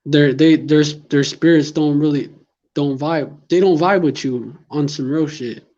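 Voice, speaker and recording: A man's voice: on the high side, steady tone, unhurried, darkish tone, lo-fi sound. A man in a casual chat who talks earnestly about religious teachings and reads scripture aloud. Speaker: conversation partner.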